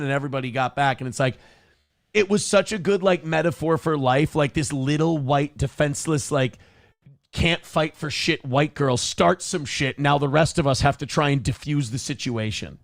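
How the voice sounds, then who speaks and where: Man, morning show host, casual, profane, animated storytelling, dry sound. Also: on the high side, normal speed, creaky, no echo. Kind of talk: casual chat. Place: home studio.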